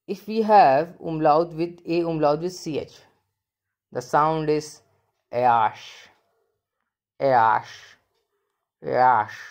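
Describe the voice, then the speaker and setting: A woman with a low voice gives a beginners' pronunciation lesson. She moves at a slow, deliberate pace and repeats every sound. Her English is casual and full of small fillers. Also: dull audio. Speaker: language teacher. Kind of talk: spoken language lesson.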